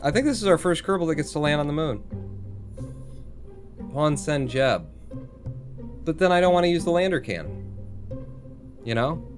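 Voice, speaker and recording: A man's voice: a little high, expressive, normal speed, pauses often, soft background music. A man live-streaming a space game, thinking aloud, reading chat and swearing casually.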